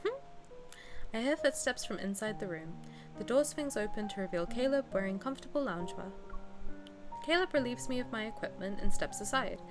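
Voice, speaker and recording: A woman's voice: fairly high pitch, animated, fairly quick. A woman in her twenties, a streamer, reads game text aloud and chats bluntly and playfully with her viewers. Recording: game music playing behind.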